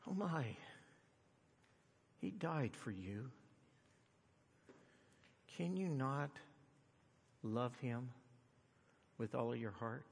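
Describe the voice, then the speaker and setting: A middle-aged man preaching a sermon, swinging from loud, high-pitched emphasis to quiet, earnest tones. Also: lively intonation, extremely slow, vocal fry, pauses often, slightly rough. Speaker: pastor. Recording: long hall reverb.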